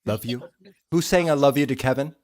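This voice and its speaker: A man hosting a live stream, chatting playfully, laughing often and softly repeating short phrases. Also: mid-range voice, fairly quick. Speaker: livestream host running spirit sessions. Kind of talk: live casual commentary.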